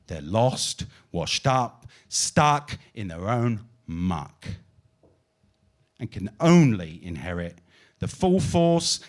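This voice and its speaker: A man performing his own spoken-word poetry as a guest, reciting dramatically with big swings between loud and soft. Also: medium pitch. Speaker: guest poet.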